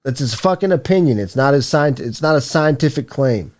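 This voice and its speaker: A man's voice: medium pitch, animated, brisk, darkish tone. A young man co-hosting a casual podcast, ranting with lots of profanity. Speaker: podcast co-host. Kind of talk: casual stoner chat.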